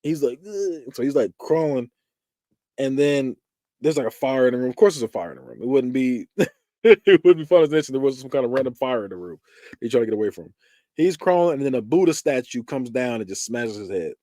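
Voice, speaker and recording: A man with a mid-pitched voice talks through horror movie deaths in a loose, casual recap. His pitch swings widely as he acts out quotes and screams. The sound is dry and close, with no room around it. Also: brisk, no room sound. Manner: animated, acts out quotes and screams, laughs often. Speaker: podcast host.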